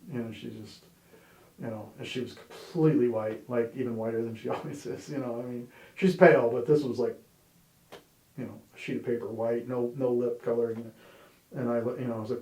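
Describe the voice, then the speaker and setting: A man's voice: mid-range voice, fairly even intonation, a little fast, mellow. A man sharing his personal testimony in a candid, conversational way, with wry humor and plenty of "you know"s. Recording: roomy echo.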